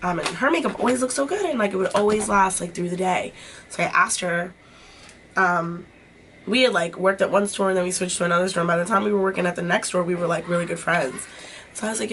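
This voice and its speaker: A woman's voice: lowish voice, fast talker, fairly bright tone, a little hiss or hum. Chatty young woman doing her makeup. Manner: chatty, swears freely, lots of "like" fillers. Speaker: beauty vlogger. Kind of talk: casual chatty storytelling. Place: home, doing makeup while talking.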